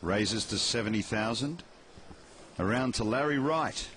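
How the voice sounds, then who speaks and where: A man calling play-by-play on a poker broadcast, crisply announcing cards and bets. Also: on the low side, measured pace, a bit bright, slight background noise. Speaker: play-by-play host.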